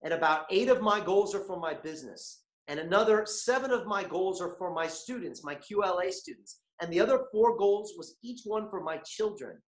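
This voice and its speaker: A man hosting a motivational online masterclass, energetic and constantly asking his viewers questions. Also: high voice, normal speed, few pauses, echoey room. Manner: animated, keeps asking the chat audience questions. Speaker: webinar host.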